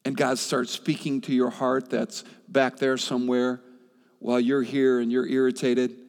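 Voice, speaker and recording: A man preaching a sermon with passion, swinging from loud, high appeals to soft, quiet asides and repeating himself as he presses a point. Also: little pitch movement, normal speed, in a large hall. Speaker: pastor.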